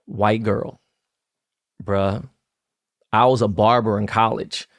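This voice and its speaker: A man's voice: on the low side, flat delivery, slow, gravelly. A man in his fifties telling a story on a podcast in casual, profane slang, acting out quoted lines. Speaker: podcast co-host.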